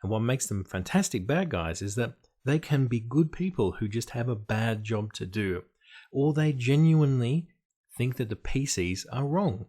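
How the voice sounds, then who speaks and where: A man's voice: medium pitch, lively intonation, normal speed, warm tone. A man giving an explanatory talk on tabletop game design, emphatic and dry, with playful asides.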